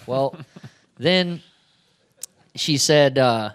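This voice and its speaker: Chatty race car driver telling a story. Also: male voice, mid-range voice, slow, long pauses. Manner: chatty storyteller who acts out dialogue. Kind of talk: post-race press conference answers.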